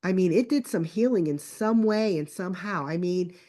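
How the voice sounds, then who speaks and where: A middle-aged woman with a somewhat low voice tells a story in relaxed conversation. She is chatty and animated and slips into her family members' lines as she goes. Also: normal speed. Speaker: guest. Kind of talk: casual storytelling on a podcast call.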